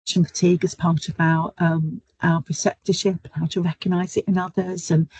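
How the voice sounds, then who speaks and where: Over a video call, a middle-aged nurse educator gives a webinar talk full of stories and frequent ums. She speaks at normal speed in a fairly low, slightly mellow, breathy voice with flat delivery, and the rough recording has no room sound.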